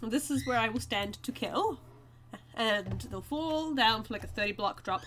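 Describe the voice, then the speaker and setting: A woman's voice: a little high, moderate pace, a bit bright. A woman hosting a gaming video, chatting casually and giggling to viewers as she plays. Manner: chatty, giggly, talks to viewers while playing. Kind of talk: casual let's-play commentary.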